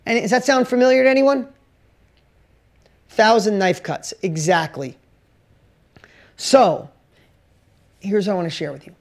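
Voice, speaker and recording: A woman's voice: mid-range voice, unhurried, long pauses. Punchy woman giving a motivational talk. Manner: emphatic, punchy, full of rhetorical questions; speaks directly to listeners. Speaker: business coach. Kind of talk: motivational talk to a course audience.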